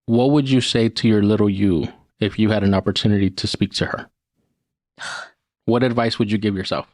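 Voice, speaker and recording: A man co-hosting a podcast, speaking gently and encouragingly and laughing easily as he reflects. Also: on the low side, fairly even intonation, moderate pace, no room sound, clean studio sound. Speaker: co-host.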